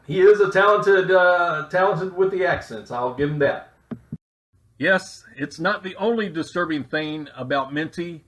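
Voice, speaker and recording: A man narrating a mock-serious comedy exposé with deadpan delivery and rambling asides. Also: fairly high pitch.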